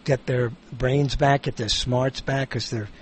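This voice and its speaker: A man's voice: medium pitch, steady tone, unhurried, a little hiss or hum. A man in casual conversation who stops often to search for the right words. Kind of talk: casual chat.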